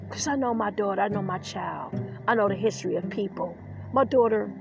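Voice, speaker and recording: A woman's voice: mid-range voice, brisk, vocal fry, dull audio, over music. A woman hosting a podcast, talking in an emotional, defiant personal monologue and getting choked up at times. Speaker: podcast host.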